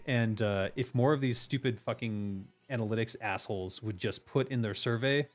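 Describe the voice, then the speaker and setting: A man's voice: fairly low pitch, moderate pace, faint music behind. A man hosting a casual stream chat as a game designer, ranting emphatically with lots of swearing.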